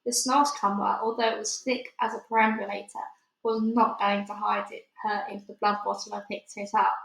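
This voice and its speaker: Woman, storybook read-aloud, steady expressive reading, medium pitch, roomy echo. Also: normal speed, gravelly. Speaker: reader. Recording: echoey room.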